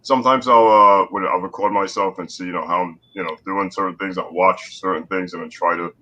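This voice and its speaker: A man's voice: sits low, steady tone, brisk, sharp tone. A man chatting casually as a guest voice actor, eager and rambling with fillers. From Spanish background. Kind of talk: casual podcast chat.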